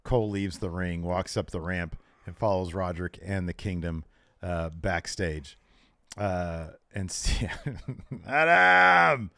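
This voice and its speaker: A man's voice: deep voice, unhurried, dry recording, clean studio sound. A man co-hosting a podcast, chatting casually and laughing easily as he recaps a wrestling show. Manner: animated, laughs easily, acts out quotes. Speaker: podcast co-host.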